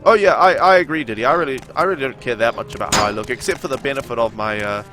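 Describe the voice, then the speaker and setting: Streaming a game live over soft background music, a young man with a nasal voice and a sore throat chats casually and answers viewers. His mid-range voice is animated and sharp-toned, and he talks at a racing pace.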